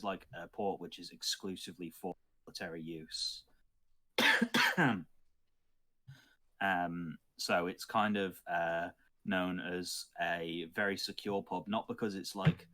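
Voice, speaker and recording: A man's voice: low voice, pushed and bright. A man running a livestreamed tabletop game as game master, loose and laughing, swearing freely.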